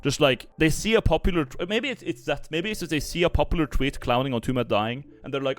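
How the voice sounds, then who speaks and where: A man's voice: medium pitch, quick pace, few pauses. A young Norwegian man giving casual stream commentary, rambling with many fillers and restarts. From Norway.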